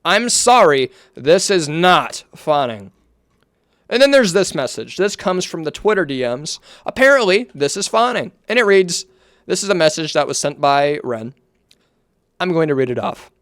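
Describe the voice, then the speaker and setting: A man giving casual commentary, reading aloud from his notes in a measured way, with offhand asides and some swearing. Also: a little high, lively intonation, fairly bright tone, clear, resonant tone, dry recording, studio quality. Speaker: online commentator.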